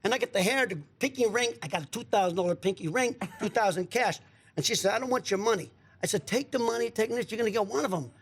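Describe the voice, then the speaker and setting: A man's voice: high-pitched, fast, slightly rough. A man telling a long story in a studio, acting out the voices of the people in it. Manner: animated storyteller acting out quotes, repeats words. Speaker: guest. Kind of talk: storytelling chat. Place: radio studio.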